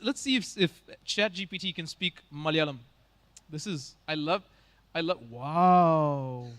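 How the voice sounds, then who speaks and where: A man's voice: high-pitched, a bit bright. A man from Bangalore, hosting a conference with casual joking stage banter and teasing the audience. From Bangalore, India. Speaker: conference host.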